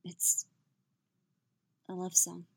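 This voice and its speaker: A woman voicing a proud, sharp-tongued sorceress who talks softly, her voice thin and tight with grief. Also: extremely slow, a little hiss or hum. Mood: soft, guarded. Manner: soft and thin, tight with pain.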